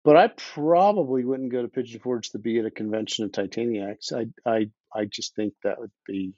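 A man's voice: mid-range voice, moderate pace, dark tone, dry recording, dull audio. Blunt, opinionated man with hiccups. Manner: blunt, opinionated, swears, frequent restarts. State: has the hiccups. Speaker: podcast guest, underwater explorer. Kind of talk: casual conversational interview.

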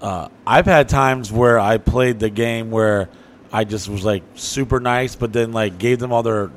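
A man's voice: on the low side, unhurried, a little hiss or hum. A man co-hosting a podcast in casual, profane banter, asking his co-host pointed questions.

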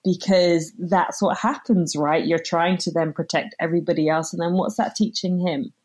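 Woman, 30s, podcast host, lower voice, reflective and casual, animated when quoting. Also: normal speed. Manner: reflective, acts out quotes animatedly. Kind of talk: casual conversation.

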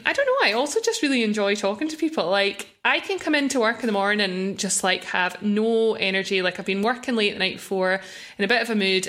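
A young woman with a Glaswegian accent, chatting quickly and laughing often as a podcast guest. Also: mid-range voice, a bit bright. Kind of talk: casual chat.

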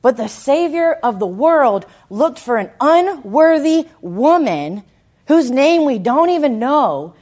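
Woman preacher, slightly high voice, very lively pitch, animated emphatic sermon delivery. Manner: animated storytelling, emphatic, swings from loud to hushed.

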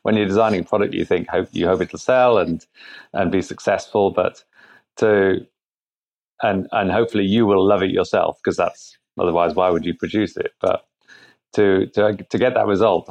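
A man being interviewed remotely, answering thoughtfully in a halting way with frequent restarts. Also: sits low, steady tone, gravelly, a little mellow. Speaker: guest, product founder. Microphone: remote internet call. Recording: muffled remote call audio.

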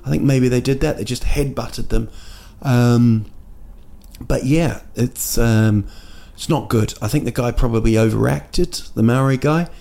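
This podcast host's mid-range male voice is warm, has vocal fry, and moves at a measured pace. Recorded indoors at night in a city room, he rambles through a casual solo show, cracking jokes amid plenty of fillers and restarts.

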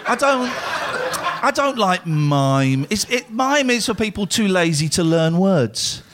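A man with a high, very animated voice chats casually. His pitch swoops up and down as he rambles through stories and launches into playful rants. It is relaxed, comic, conversational talk. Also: unhurried, background noise. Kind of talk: casual chat.

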